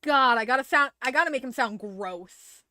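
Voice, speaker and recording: A woman's voice: high voice, moderate pace, no room sound, studio quality. A young woman streaming a game, chatting casually, swearing and joking at her own expense. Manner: animated, self-mocking, swears and laughs often. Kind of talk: casual live-stream commentary.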